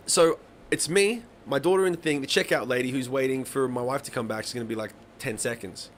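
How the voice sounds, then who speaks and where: Speaking a little fast in a mid-range voice over slight background noise, this man hosts a live songwriting stream. He's an animated, foul-mouthed storyteller who voices the people in his tales during casual chat.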